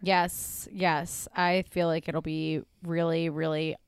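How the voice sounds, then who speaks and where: An upbeat woman co-hosting a podcast, chatting casually from home. Her voice sits a little low and sounds very clean and smooth. The recording is dry and close, with no room sound. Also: flat delivery, slow, no room sound. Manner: upbeat, chatty, trails off with ums and likes. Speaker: podcast co-host.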